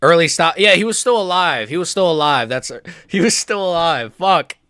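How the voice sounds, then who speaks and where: A man's voice: on the high side, lively intonation, moderate pace, a bit bright, no echo, studio quality. Casual, profane man reacting to a fight. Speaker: live stream host. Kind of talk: live fight reaction stream.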